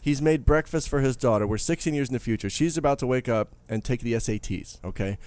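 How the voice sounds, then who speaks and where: A man's voice: mid-range voice, quick pace, darkish tone, smooth, no room sound. A man in his thirties co-hosting a podcast in casual, joking, rambling chat. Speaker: podcast co-host.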